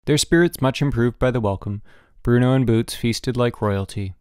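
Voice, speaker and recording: A man narrating a children's audiobook in an expressive storytelling manner, changing his voice for different characters. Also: medium pitch, moderate pace, clear, resonant tone, no echo, clean studio sound.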